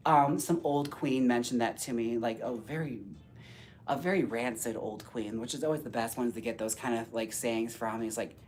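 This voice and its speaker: A man hosting a casual live stream while styling dolls, talking to viewers by name in a campy, sassy way with quick jokes and frequent laughs. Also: mid-range voice, steady tone, darkish tone, slight background noise. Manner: talks to viewers by name, reads chat aloud.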